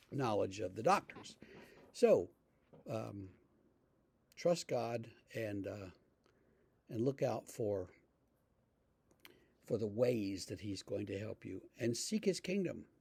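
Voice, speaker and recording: Man, pastor, casual devotional talk, husky, dry close sound. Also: fairly low pitch, expressive, slow pace, long pauses, a little mellow, no echo. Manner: conversational storytelling, frequent fillers.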